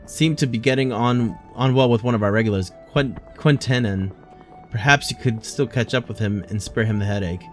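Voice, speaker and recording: Man doing a fed-up tavern worker for a game, grumbling, mid pitch. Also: normal speed, faint music behind, natural voice. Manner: complaining, reading aloud with restarts.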